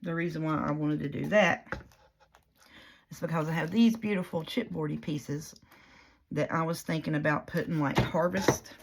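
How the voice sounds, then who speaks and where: Gravelly folksy woman crafting on camera. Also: low voice, fairly even intonation, moderate pace, a little hiss or hum. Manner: rambling, folksy, talks through her own mistakes. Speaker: paper crafter demonstrating a project. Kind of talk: casual craft tutorial chat.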